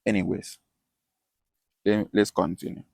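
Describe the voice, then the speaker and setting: A man's voice: deep voice, little pitch movement, unhurried, vocal fry, a little mellow, no room sound. A man with a Nigerian Akwa Ibom accent giving a passionate lesson, stressing points and often restarting his phrases. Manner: emphatic, repeats and restarts phrases. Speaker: self-styled teacher.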